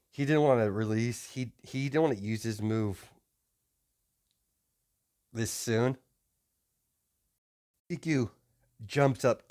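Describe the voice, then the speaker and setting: A man's voice: mid-range voice, a little mellow. A man improvising a fan story narration, rambling and hesitant with many restarts.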